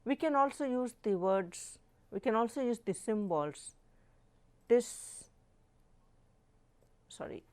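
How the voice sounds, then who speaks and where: A middle-aged woman professor with an Indian English accent gives a slow, deliberate lecture, repeating definitions and stressing words to demonstrate pronunciation. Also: a little high, animated, darkish tone. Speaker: professor teaching a live online course.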